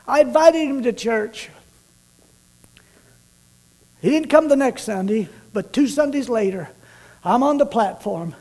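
A man preaching a sermon with a high, bright voice. He tells a long story with dramatic swings between loud, urgent bursts and hushed, slow stretches. His delivery is lively and full of tension.

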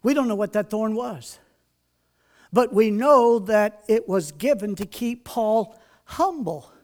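A man preaching a sermon in a folksy storytelling way, dropping quiet and then building loud. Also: high voice, animated, slow pace, echoey room.

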